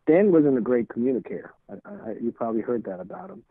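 Very animated and quick-paced, this man in his 60s speaks with a medium-pitched voice and no room sound. As a podcast guest in a casual storytelling interview, he rambles, restarts phrases and acts out old conversations, all over a dry, tinny line that sounds like a phone.

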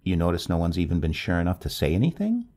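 A man voicing a composed, wryly reasonable newlywed woman over thirty, in a raised falsetto, for a storybook reading. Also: huge pitch swings, quick pace, mellow, heavily acted.

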